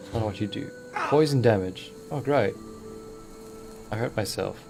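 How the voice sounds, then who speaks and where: A man hosting a let's play, commentating with excitable, wide-eyed awe and the odd swear. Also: lowish voice, normal speed, gravelly, pauses often, over music.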